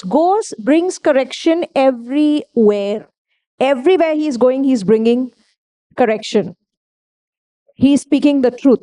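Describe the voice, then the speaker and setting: A woman preaching a sermon in a slightly high, mellow voice. She speaks emphatically, often asking her listeners questions and answering them herself. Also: animated, slow, pauses often.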